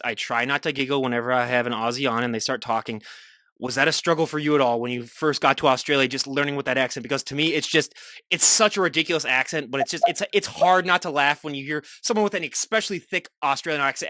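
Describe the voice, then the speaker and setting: A man's voice: mid-range voice, pushed and bright, no echo. A man hosting a podcast, asking long rambling questions and laughing easily. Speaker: podcast host. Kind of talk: casual interview.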